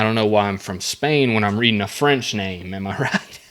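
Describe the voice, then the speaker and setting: A man hosting a casual solo podcast. He reads facts aloud, then breaks off into rambling, jokey asides with lots of halting fillers and restarts. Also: on the low side, a bit bright, smooth. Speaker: podcast host.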